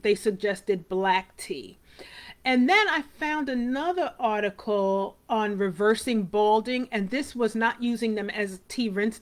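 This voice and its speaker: Chatty woman hosting a hair show. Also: on the high side. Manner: chatty and rambling, addresses viewers by name. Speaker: hair care show host. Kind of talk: casual live talk to viewers.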